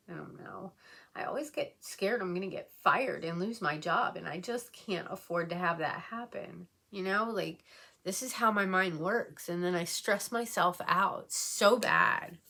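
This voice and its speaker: A beauty vlogger chats casually as she does her makeup in a get-ready-with-me video, rambling emotionally with lots of fillers. Her voice is on the low side, pushed and bright.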